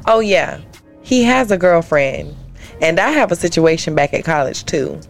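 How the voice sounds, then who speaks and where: A woman's voice: fairly low pitch, expressive, moderate pace, gravelly, faint music behind. A woman guest co-host on a comedy podcast, reading a listener's letter aloud and breaking into playful asides and laughter.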